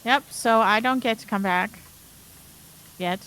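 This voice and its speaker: A woman's voice: unhurried, poor audio. A woman chatting on a game stream, blunt and sweary about her day. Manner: blunt and sweary, lively swings in pitch. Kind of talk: casual chat.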